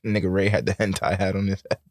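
A man's voice: deep voice, a little fast. A man co-hosting a podcast, joking through casual banter. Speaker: podcast co-host. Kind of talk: casual chat.

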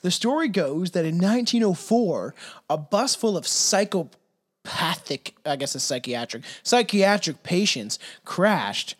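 A man's voice: high voice, lively intonation, unhurried, a bit bright. A man co-hosting a podcast, casually telling a spooky legend with stumbles, swearing and laughs. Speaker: podcast co-host.

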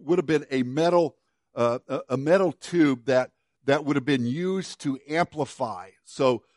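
Man, middle-aged, pastor, sermon, fairly high voice, repeats words, dry recording. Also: no room sound. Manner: conversational preaching with frequent restarts and repeated words; drops to a quiet low voice on key words.

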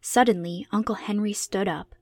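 Female narrator for a classic children's book, steady and clear, dry close recording. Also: medium pitch, no echo. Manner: measured, clear read-aloud delivery. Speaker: audiobook reader. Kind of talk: scripted storybook narration.

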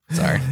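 A woman's voice: dry recording, studio quality. A woman co-hosting a podcast, ranting casually and profanely about a movie. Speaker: podcast co-host. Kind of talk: casual chat, movie review.

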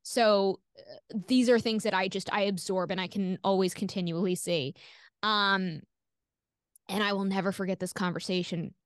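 A woman's voice: medium pitch, moderate pace, no echo, clean studio sound. A woman guest on an interview podcast, telling a personal story candidly, swearing freely and filling her talk with "like". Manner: animated, acts out quoted voices.

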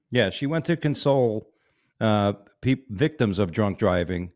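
A man's voice: fairly low pitch, lively intonation, a little slow, darkish tone, no room sound, clean studio sound. A married man co-hosting a podcast, reading news stories in a loose, profane, joking way. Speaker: podcast co-host. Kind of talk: casual crude news chat.

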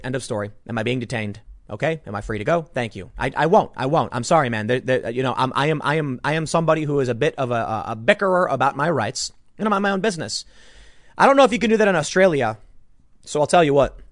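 A man's voice: medium pitch, fairly bright tone, no room sound, studio quality. A man giving an opinionated political commentary monologue, combative and sarcastic, restarting his sentences as he argues.

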